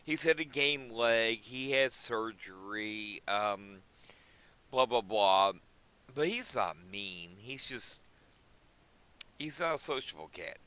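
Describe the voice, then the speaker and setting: A man's voice: mid-range voice, expressive, slow pace, pushed and bright, clean tone, rough recording. A middle-aged man hosting a pet channel, rambling folksily to his viewers with lots of fillers. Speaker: pet and fish-keeping channel host. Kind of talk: casual chat to viewers.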